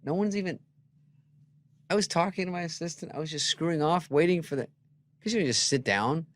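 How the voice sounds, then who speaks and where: An older man in casual chat, telling stories as a guest and acting out the voices in them, now loud, now soft. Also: fairly high pitch, a little fast. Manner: animated, acts out voices in anecdotes, swings loud and soft.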